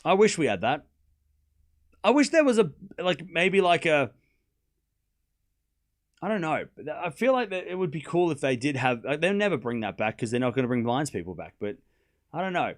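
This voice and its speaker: An excitable young man chats through a live tennis stream, calling out the score between tangents. His voice sits a little high and swings widely in pitch, so he sounds animated. He laughs often and repeats himself for emphasis. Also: normal speed, pauses often. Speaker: livestream tennis watchalong host. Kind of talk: casual live-stream commentary chatting with viewers.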